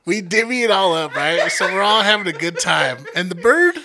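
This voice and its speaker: A man's voice: high voice, moderate pace, background noise. A man telling a rowdy story in casual chat, swearing freely and laughing along. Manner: profane, animated storytelling with a laugh.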